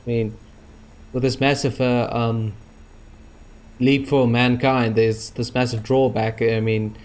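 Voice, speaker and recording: A man's voice: medium pitch, flat delivery, slow pace, darkish tone. A man giving rambling let's-play commentary over a space game, with many fillers and restarts. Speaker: gaming YouTuber.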